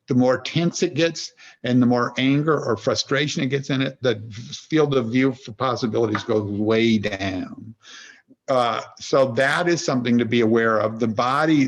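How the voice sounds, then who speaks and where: A man with a gravelly, husky voice explains his ideas as a podcast guest. He tells little stories and acts out an inner voice along the way, often breaking off to restart. The audio is somewhat dull and lo-fi. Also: medium pitch. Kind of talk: conversational explanation.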